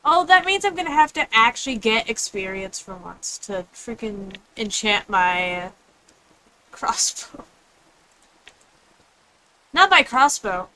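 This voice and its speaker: A woman's voice: a little high, normal speed, pushed and bright, poor audio. A woman streaming a game, chatting casually in a rambling way and answering chat. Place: home room with others nearby.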